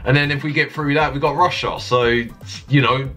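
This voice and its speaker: A man commentating his own football management game, dry and self-mocking, shouting when a goal goes in. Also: mid-range voice, fairly even intonation, moderate pace, soft background music. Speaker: gaming YouTuber.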